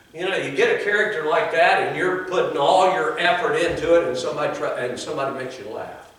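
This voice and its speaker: Older preacher, bright voice, echoey church. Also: male voice, a little high, quick pace, hardly any pauses, recorded from a distance, slight background noise. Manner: folksy, conversational, with asides to the congregation. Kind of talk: sermon. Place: church sanctuary.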